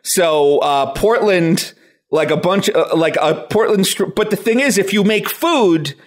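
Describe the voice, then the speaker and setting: A man co-hosting a comedy podcast, riffing in animated, ranting bits. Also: sits high, a little slow. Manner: animated, riffing, swings into silly voices and rants. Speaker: podcast co-host and guest. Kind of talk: casual comedic podcast banter.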